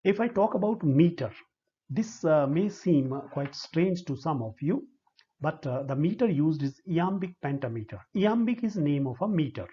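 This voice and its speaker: A man with an Indian English accent giving a slow, deliberate lecture, spelling out syllables one by one. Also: on the high side, expressive, mellow, breathy edge. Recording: dull lo-fi recording.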